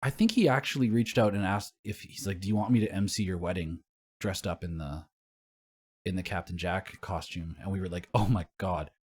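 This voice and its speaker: A man's voice: low-pitched, a little fast, a little mellow, husky. A young man co-hosting a casual podcast, telling rambling stories full of swearing and laughter. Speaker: podcast co-host.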